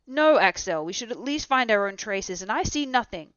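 An excitable old professor holds forth in a loud, lecturing voice, put on by a woman reading the story. He is learned and commanding, and his speech is emphatic. The recording is muffled and dry. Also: fairly low pitch, normal speed, no echo. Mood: insistent.

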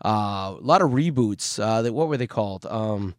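A man co-hosting a casual podcast chat, joking around and often pausing to search for words with fillers. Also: fairly low pitch, expressive, no echo, clean studio sound. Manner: jokey, hesitant, searches for words with many fillers. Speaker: podcast co-host.

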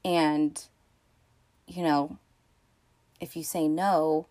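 A woman hosts a podcast, rambling casually through a film in a monologue packed with fillers and restarts, swearing freely and bursting into excited outbursts. She has a deep voice and draws out her words.

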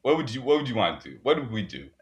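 A man's voice: medium pitch, big pitch swings, very fast, highs cut off. A young man co-hosting a podcast, laid-back and agreeable in short replies. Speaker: podcast co-host. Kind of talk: casual chat.

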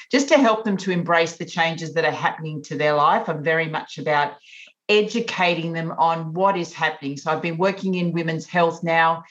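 A woman's voice: sits low, a bit bright. Australian woman on a dull remote line. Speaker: guest naturopath. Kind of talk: podcast interview.

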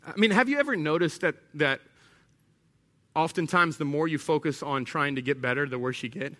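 Animated pastor with bright voice. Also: male voice, fairly high pitch, moderate pace. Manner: conversational, animated, acts out little scenes. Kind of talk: sermon.

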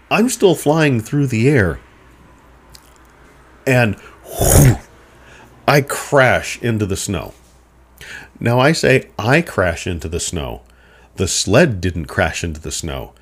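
A middle-aged man hosting a show, telling a childhood story in a relaxed, rambling, self-deprecating way. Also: fairly low pitch, breathy edge. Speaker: podcast host. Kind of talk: personal storytelling.

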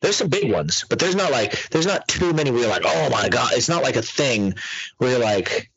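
Guy on a powerlifting-type podcast, cussing constantly, husky voice, pitch jumps all over, kinda muffled dry audio. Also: moderate pace, no echo. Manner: loose, swearing, animated storytelling. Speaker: podcast host. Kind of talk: casual profane chat.

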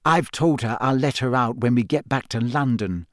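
A man voicing a clever, earnest teenage schoolgirl witch in an audiobook, talking in an eager, brisk, know-it-all way. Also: mid-range voice, no echo, studio quality, lightly acted. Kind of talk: audiobook character voice.

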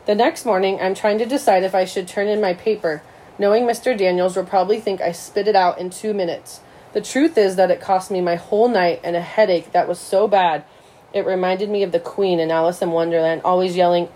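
A woman's voice: lowish voice, brisk, mellow, rough recording. A woman reading a first-person story in a plain, reflective way. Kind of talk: first-person audiobook narration.

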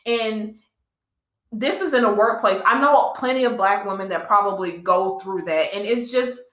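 A woman's voice: medium pitch, moderate pace, a bit bright. A young woman co-hosting a casual podcast chat, talking with passion and emphasis, often repeating herself. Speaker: podcast co-host. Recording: echoey room.

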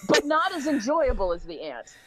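A woman's voice: a little high, normal speed, crowd noise, low-quality recording. A woman who teaches English, a guest on a podcast, chatting casually and thinking aloud. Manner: lively, laughing, thinks aloud. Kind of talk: casual chat.

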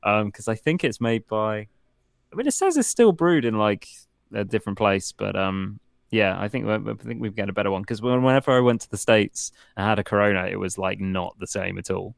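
A man's voice: on the low side, lively intonation, a little fast, gravelly, dry recording. A British man in his thirties, co-hosting a casual podcast in an easygoing way with lots of hesitant fillers. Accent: British English. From United Kingdom. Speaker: podcast co-host.

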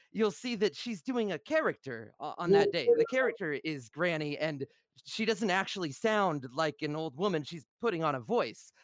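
High, animated man explaining his side. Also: dry recording. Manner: measured, explaining, with light laughs. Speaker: online game player. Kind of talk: casual account of events.

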